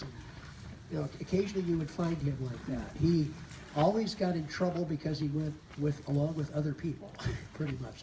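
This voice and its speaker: An older man giving a soft-spoken, pausing eulogy at a memorial. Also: on the high side. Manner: soft-spoken, reminiscing with many pauses. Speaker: mourner sharing memories. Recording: echoey room, distant mic, noisy.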